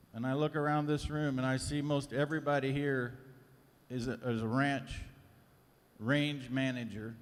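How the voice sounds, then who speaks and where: Earnest moderator man in a hall. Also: medium pitch. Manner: earnest, emphatic. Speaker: moderator asking the speaker a question. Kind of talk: setting up a question at a conference. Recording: reverberant conference hall.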